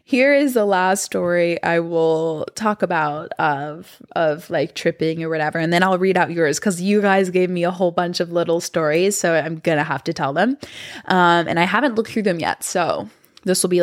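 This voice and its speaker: Chatty young woman telling stories. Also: on the low side. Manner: chatty and rambling, lots of fillers, animated voices in quotes. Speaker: vlogger. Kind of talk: casual storytelling to viewers.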